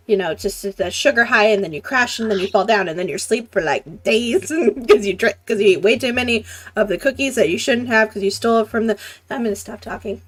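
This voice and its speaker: A woman playing a tabletop game, giggly and rambling as she describes her actions. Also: fairly high pitch. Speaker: player. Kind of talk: casual tabletop play.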